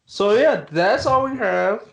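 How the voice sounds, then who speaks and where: A man's voice: high-pitched, animated, slow pace, creaky, fairly bright tone. Laid-back joking man hosting a podcast. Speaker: podcast host. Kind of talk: casual podcast chat.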